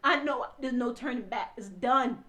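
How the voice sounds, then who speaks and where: Tearful, impassioned high-voiced woman. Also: moderate pace. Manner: impassioned, swinging from hushed to loud and forceful. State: crying. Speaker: speaker telling her own story. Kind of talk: emotional personal testimony.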